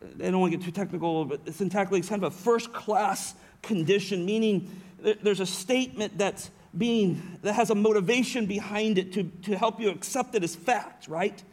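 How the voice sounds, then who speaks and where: Man, high voice, middle-aged pastor, earnest sermon, self-correcting. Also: moderate pace, a little mellow. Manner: earnest preaching with frequent self-corrections and restarts.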